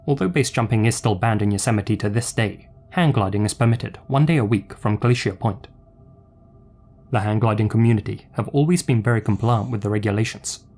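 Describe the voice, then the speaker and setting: A man reading scripted documentary narration in a measured, even storytelling manner. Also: on the low side. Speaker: narrator of the reacted video.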